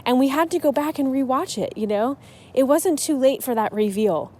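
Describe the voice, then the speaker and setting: Woman, podcast host, slightly high, mellow voice, chatty, emotional, trips over her words. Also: expressive, normal speed. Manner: chatty and emotional, with frequent restarts. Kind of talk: casual solo podcast talk.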